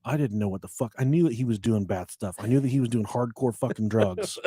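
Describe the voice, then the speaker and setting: A man's voice: mid-range voice, quick pace, husky, dry recording, clean studio sound. Profane man in his thirties telling stories. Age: 30s. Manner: profane, animated, acts out quotes loudly. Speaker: podcast host. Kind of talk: casual storytelling chat.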